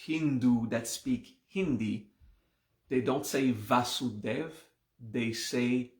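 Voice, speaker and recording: A man explains ideas at an unhurried, deliberate pace, pausing to check that his listeners follow. His voice sits in a mid range and carries a noticeable roomy echo, as if recorded in an open space. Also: mid-range voice. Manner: slow, patient explaining with frequent "okay?" checks. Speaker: meditation and mantra teacher. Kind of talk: live online class explanation.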